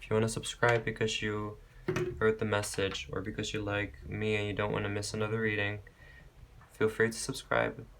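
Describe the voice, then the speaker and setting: A man giving a pick-a-card tarot reading, talking gently and reassuringly, rambling with restarts and calling listeners babe and beautiful soul. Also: on the low side, monotone, moderate pace, creaky, noisy background. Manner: affectionate, calls viewers babe and beautiful soul. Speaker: tarot reader.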